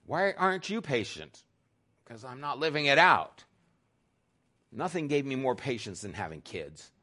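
A middle-aged man preaching a sermon as pastor, talking conversationally and swinging between loud emphasis and a soft hush. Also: mid-range voice, big pitch swings, measured pace.

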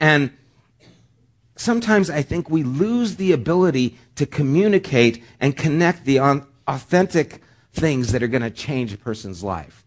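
A man preaching a sermon as pastor, talking in a conversational way with joking asides. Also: on the high side.

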